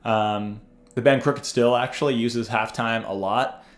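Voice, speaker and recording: Relaxed man teaching in a roomy space. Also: mid-range voice, unhurried. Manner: relaxed, loose, with frequent ums and uhs. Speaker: bass teacher. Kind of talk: casual instructional talk. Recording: roomy echo with faint music.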